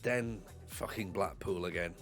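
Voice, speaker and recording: With a Northeast English accent and a low, fairly bright voice, a man live-streams himself playing a football management game, speaking a little slowly. He has a cold and rambles casually through his commentary, joking at his own expense, while faint music plays behind him.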